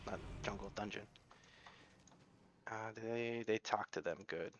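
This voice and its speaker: Gamer guy, male, low voice, bright and forceful, American accent, non-native English speaker, rambling gameplay commentary. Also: moderate pace. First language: not English. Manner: chatty, rambling asides while playing. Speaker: gaming video creator.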